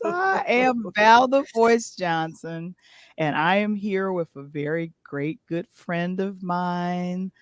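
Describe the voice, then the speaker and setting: A woman hosting a casual live stream, chatty and excitable, laughing often. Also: lowish voice, slow, hardly any pauses. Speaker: host.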